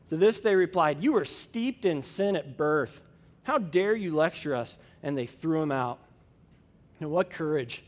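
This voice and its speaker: A man's voice: fairly high pitch, long reverb tail. A man pastor preaching a sermon and telling a personal story in a folksy way, with many fillers.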